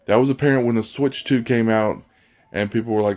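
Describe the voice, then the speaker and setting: A man's voice: medium pitch, steady tone, brisk, darkish tone. A man vlogging about games in a blunt, rambling casual rant, often restarting his sentences. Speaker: gaming vlogger.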